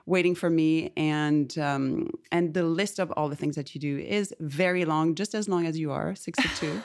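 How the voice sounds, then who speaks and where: A woman's voice: low voice, moderate pace. A middle-aged woman hosting a podcast, chatting effusively with a guest in a meandering way. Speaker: podcast host. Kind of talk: casual interview chat. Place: indoor room, recorded in London.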